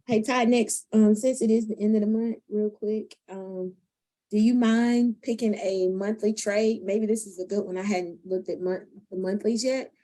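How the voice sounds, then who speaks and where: Mellow-voiced woman on a trading call, chatty, keeps asking stuff. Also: mid-range voice, fairly even intonation. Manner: chatty, asks quick questions. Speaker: trading group member. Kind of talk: casual group call.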